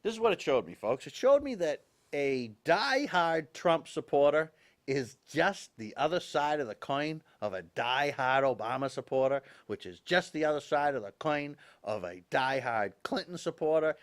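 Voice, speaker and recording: Emphatic talk show host, lively voice. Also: male voice, fairly high pitch, normal speed. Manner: emphatic, repeats his points, talks straight to viewers. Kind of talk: opinionated talk show monologue.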